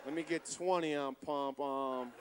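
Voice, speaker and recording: A man voicing a stoned young man who drawls slowly and sounds dazed and spaced-out. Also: on the high side, steady tone, voice pushed down, close to an everyday voice. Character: stoned young man fumbling at a gas counter. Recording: live club with audience and noise.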